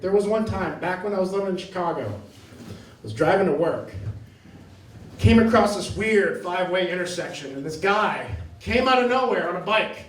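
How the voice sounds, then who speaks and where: Male stand-up comic, high voice, animated teller who laughs through his lines, club stage sound picked up from afar. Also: normal speed, roomy sound, distant mic, slight background noise, low-quality recording. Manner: animated storytelling, often laughing mid-line. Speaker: stand-up comedian. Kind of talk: stand-up comedy set. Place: comedy club stage before a live audience.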